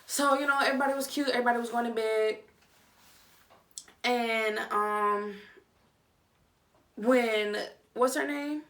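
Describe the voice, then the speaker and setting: A young woman vlogger giving a casual, chatty review, with animated, dramatic reactions. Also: a little high, unhurried, pauses often, distant mic. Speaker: vlogger reviewing a reality show. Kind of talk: casual chat.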